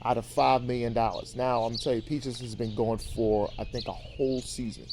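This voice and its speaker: Man, show host, casual rambling recap, profane, filler-heavy, mellow voice. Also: medium pitch, little pitch movement, fairly quick, a little hiss or hum. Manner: rambling, profane, many ums and repeats.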